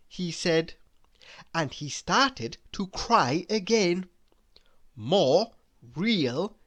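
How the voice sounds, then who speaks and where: Children's read-aloud storyteller, female; unhurried and bouncy, playful and teasing with the listener. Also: lowish voice, very animated, fairly bright tone.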